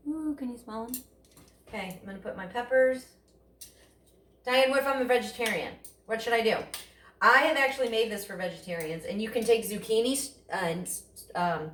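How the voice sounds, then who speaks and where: A woman's voice: medium pitch, fairly bright tone. A woman hosting a casual home cooking demonstration, chatty and enthusiastic, asking herself questions and then answering them. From Italian family background. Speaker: cooking show host. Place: home kitchen. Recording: echoey kitchen with faint noise.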